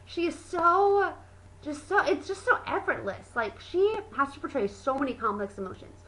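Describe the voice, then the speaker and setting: A young woman gushing excitedly in a casual video review, full of fillers and exclamations. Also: high-pitched, moderate pace, poor audio. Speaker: book and movie vlogger.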